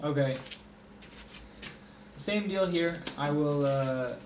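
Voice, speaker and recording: A man's voice: fairly high pitch, slow pace, noisy background. A young man co-hosting a casual test prep livestream, dry and teasing.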